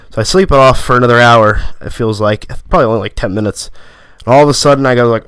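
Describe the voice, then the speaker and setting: A young man casually telling a story to camera, rambling with lots of fillers and quickly acting out what his friends said. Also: medium pitch, steady tone, a bit bright, clear, resonant tone, no echo. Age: young adult. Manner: quotes friends in quick bursts. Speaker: vlogger.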